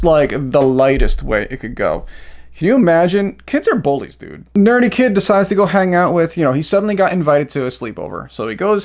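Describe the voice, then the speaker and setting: A man hosting a comedy video, reading scripted facts and breaking into crude, rambling asides. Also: on the high side. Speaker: video host. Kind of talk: comedic commentary mixed with read script.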